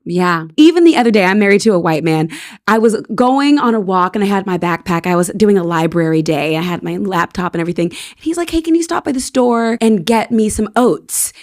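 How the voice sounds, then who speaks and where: A woman's voice: medium pitch, lively intonation, darkish tone. A woman hosting an interview show, chatting casually and reacting effusively to her guest. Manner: effusive, quick to react with gasps and laughs. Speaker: podcast host.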